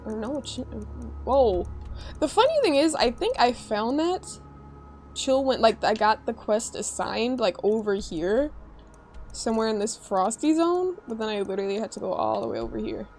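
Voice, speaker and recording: Brief: chatty Chicago-accented woman streamer, rambling and giggly, slightly high voice. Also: very animated, normal speed, a little mellow, soft background music, poor audio. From Chicago area, USA. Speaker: game streamer. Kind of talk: casual chat while playing a game.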